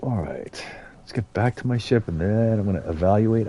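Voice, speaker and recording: A man's voice: lowish voice, a little fast, dark tone, slightly rough. A middle-aged man from the United States giving rambling, casual commentary as he streams a game and chats to viewers. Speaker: gaming streamer.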